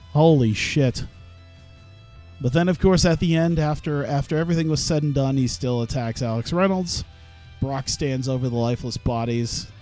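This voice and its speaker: A man's voice: on the high side, warm tone. A young man streaming a wrestling management game, commentating casually with lots of swearing and laughter. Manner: profane, laughing, rambling commentary. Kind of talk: casual let's-play commentary.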